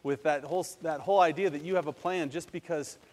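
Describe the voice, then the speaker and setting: Animated preacher in an echoey hall. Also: male voice, fairly high pitch, quick pace. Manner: animated, acts out quotes and leads prayer. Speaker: pastor. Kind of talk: sermon.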